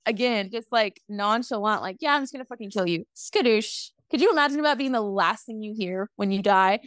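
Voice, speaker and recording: Brief: twenties woman co-host, sassy casual recap, mid pitch, dry close sound. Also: no echo. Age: 20s. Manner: sassy, swears freely, acts out lines in quick voices. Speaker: podcast co-host. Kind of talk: casual movie recap chat.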